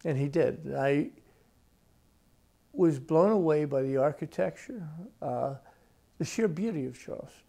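An older man in his sixties tells stories at an unhurried, reflective pace. His voice is gravelly, with a mellow, dark tone, and his speech sits a little high for a man. He is an author being interviewed in his own home. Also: expressive. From United States. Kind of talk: relaxed storytelling in interview.

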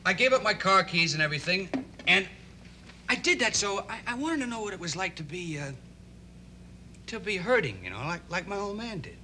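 An earnest, idealistic teenage boy in a 1960s TV drama, his voice high, bright and lively. He rambles and stumbles through his thoughts with constant restarts. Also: a little hiss or hum, exaggerated voice. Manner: halting and rambling, full of restarts.

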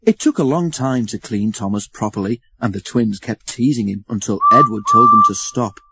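A man reading a children's storybook aloud, expressive and acting out the story. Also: lowish voice, moderate pace, breathy edge, no echo. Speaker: narrator.

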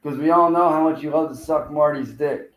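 A man's voice: fairly high pitch, steady tone, brisk, reverberant, rough recording. A man streaming live, taunting and cursing at a rival who keeps failing to show up. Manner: taunting, profane, calling out a rival. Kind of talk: livestream trash talk.

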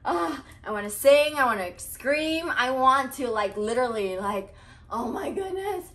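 A fashion vlogger with a high-pitched voice gushes over a purse she's unboxing. She talks excitedly at a normal speed, with plenty of fillers and breathless exclamations.

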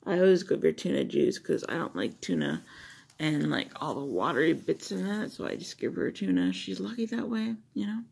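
A woman's voice: deep voice, big pitch swings, normal speed, creaky, darkish tone, breathy edge. A woman vlogger chatting loosely to her phone camera, rambling with many fillers and asides. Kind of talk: casual chat to a phone camera.

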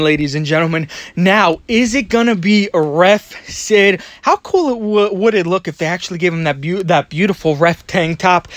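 Casting: breathless, excitable male toy vlogger, high-pitched, dry close mic. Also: no room sound. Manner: excitable, rambling, repeats words. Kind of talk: excited voiceover commentary.

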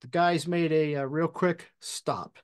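A man hosting a podcast, telling a fire service story in a measured, deliberate way with pauses. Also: fairly high pitch, steady tone, clean tone. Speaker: podcast host and fire officer instructor. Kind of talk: storytelling anecdote.

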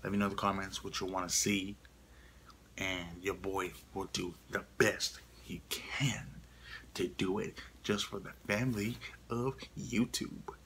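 Guy doing a goofy channel update, slow and lowish, whispers a lot, bit of hiss. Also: steady tone, a bit bright, rough recording. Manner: playful, teasing, frequent whispers. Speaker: vlogger.

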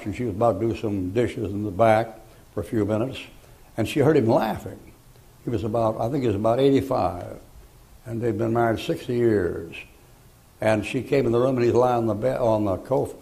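An older preacher with a drawl delivers a sermon in a gravelly, creaky voice. He tells homely stories, then breaks into loud, emphatic preaching. His pitch sits in the middle range for a man. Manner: folksy storytelling with sudden loud preaching bursts.

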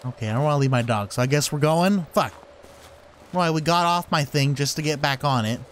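A man's voice: a little high, brisk, a little hiss or hum. A man giving casual let's-play commentary who swears constantly and talks to his sled dogs and to the game. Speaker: gaming channel host.

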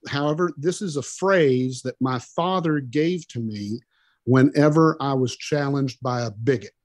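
A man's voice: mid-range voice, a little slow, dry recording. Folksy Oklahoman man, stammering. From Oklahoma, USA. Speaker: musician guest. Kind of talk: interview chat.

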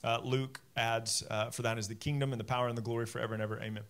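A man in his forties, a pastor giving a sermon in a conversational, animated way, with many asides to the congregation. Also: mid-range voice, very fast. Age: 40s.

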